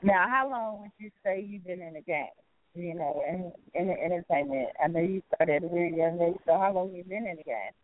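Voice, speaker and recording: A woman's voice: on the low side, brisk, no echo. A woman hosting a talk show, upbeat and encouraging, laughing often as she interviews a guest. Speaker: radio show host. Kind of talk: casual interview. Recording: tinny phone line.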